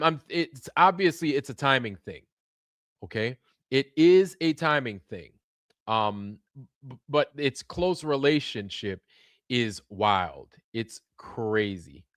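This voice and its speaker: A man's voice: mid-range voice, a bit bright, no room sound, studio quality. A man hosting a casual livestream, rambling and repeating words while checking in with viewers. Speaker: livestream host.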